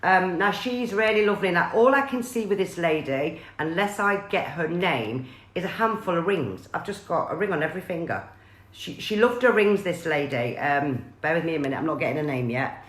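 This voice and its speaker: A woman's voice: lowish voice, lively intonation, fairly quick, echoey room. A woman, chatting on a live stream as a psychic medium and passing on messages with many fillers and restarts.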